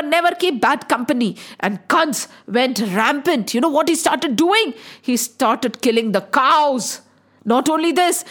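A woman telling a devotional story to children in an expressive, dramatic way, dropping to a hush and rising to exclamations. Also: very high-pitched. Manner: expressive, swinging between hush and exclamation, addresses listeners as children.

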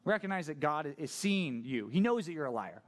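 A male pastor preaching a sermon in a casual, conversational, animated way. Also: a little high, brisk.

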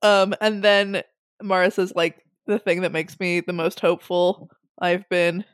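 A woman's voice: fairly low pitch, unhurried, clear, resonant tone. A woman in casual podcast chat who keeps breaking into laughter and voices the characters' lines as she retells them. The sound is dry and close, with no room echo around her voice. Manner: animated, laughs often, acts out characters' lines. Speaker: podcast co-host. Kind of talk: casual book discussion chat.

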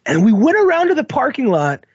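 A man's voice: extremely high pitch, huge pitch swings, a little fast, husky, dry recording, muffled recording. A man co-hosting a podcast, casually telling a long story, rambling, swearing and laughing along. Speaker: podcast co-host.

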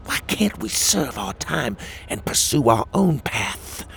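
A man's voice: mid-range voice, sing-song, slow, vocal fry, fairly bright tone, a little hiss or hum, voice pushed up, exaggerated voice. A man voicing a bitter old pirate queen.

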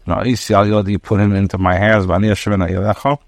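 A rabbi with a fairly low voice teaches a daily scripture lesson. He reads out a Hebrew phrase, pauses, then translates and explains it in unhurried steps. The sound is dry and close, with no room echo. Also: level tone, vocal fry.

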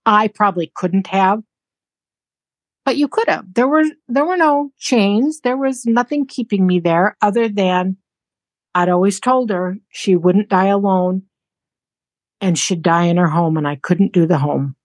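A woman's voice: mid-range voice, a little slow, no echo. A woman in her sixties, a podcast guest, speaking candidly and reflectively, often repeating herself as she thinks. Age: 60s. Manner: soft-spoken, candid, repeats phrases while thinking. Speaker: interview guest.

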